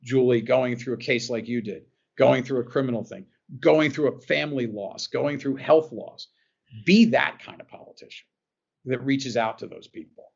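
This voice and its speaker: Telling an emotional personal story as a guest in a podcast interview, this New Jersey man speaks earnestly and keeps repeating phrases. His voice is medium-pitched and gravelly at a moderate pace, and the sound is lo-fi.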